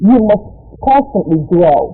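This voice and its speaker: A woman's voice: fairly low pitch, lively intonation, a little slow. A young woman, a motivational speaker giving an impassioned interview, emphatic and preachy, repeating lines for stress. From Nigeria. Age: young adult. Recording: distant, tinny phone-like radio sound.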